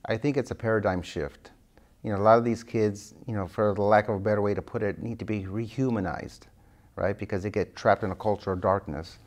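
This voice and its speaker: A man with a fairly low voice speaks as a guest author in an interview. He tells anecdotes with energy and voices the people he quotes. His delivery is conversational and earnest. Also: fairly quick. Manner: animated anecdotes, acting out quoted dialogue. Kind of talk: interview storytelling.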